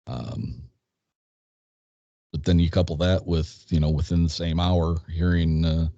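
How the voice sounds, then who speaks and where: A man in his fifties with a low, mellow voice tells a story at his own unhurried pace, acting out dialogue and often restarting his sentences. The sound is dry and dull, a bit lo-fi. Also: fairly even intonation, creaky, dry recording. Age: 50s. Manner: rambling anecdote, quotes dialogue, hesitant restarts. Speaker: guest. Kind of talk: casual storytelling.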